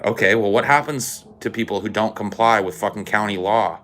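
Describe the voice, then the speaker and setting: A man on a podcast ranting angrily and sarcastically, swearing constantly and getting louder and more heated. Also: fairly low pitch, a little fast. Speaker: podcast co-host. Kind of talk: profane podcast rant.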